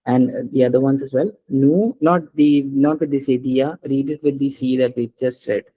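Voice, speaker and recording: Husky-voiced man teaching a language lesson. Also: medium pitch, little pitch movement, fairly quick, mellow, poor audio. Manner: patient, explains step by step and prompts the student to read aloud. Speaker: French teacher.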